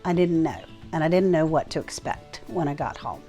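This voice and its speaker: A woman's voice: sits low, lively intonation, moderate pace, dark tone. A woman, a homestead vlogger telling viewers a story in a folksy, emotional way. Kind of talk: casual storytelling to camera. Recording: faint music behind.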